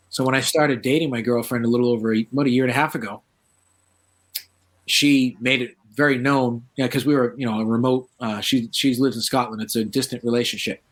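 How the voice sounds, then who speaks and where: A man, a paranormal researcher, telling stories in a casual interview and acting out the voices of the people he quotes. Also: medium pitch. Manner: animated, acts out quoted voices.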